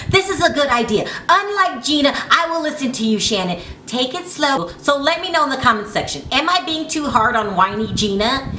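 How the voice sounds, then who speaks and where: Chatty opinionated woman, bright echoey sound. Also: a little high. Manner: chatty, opinionated, animated asides. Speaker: vlogger. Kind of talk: casual gossip commentary to camera. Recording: echoey room with faint ambient noise.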